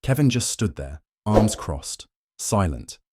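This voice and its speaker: A man telling a dramatic story in first person, calm and terse. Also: on the low side, slow, heavy background noise. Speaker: narrator.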